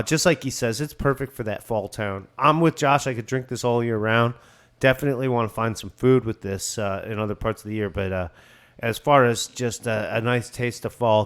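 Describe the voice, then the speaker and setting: A man's voice: fairly low pitch, gravelly, a bit bright. A man hosting a casual beer review chat, joking and laughing often.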